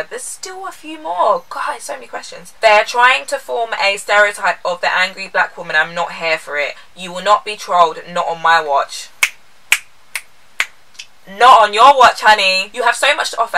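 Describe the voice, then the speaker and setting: A woman's voice: on the low side, pushed and bright, far from the mic, rough recording. A young woman, chatting candidly and playfully as she answers viewer questions in a vlog. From England. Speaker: lifestyle vlogger. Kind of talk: casual Q&A vlog.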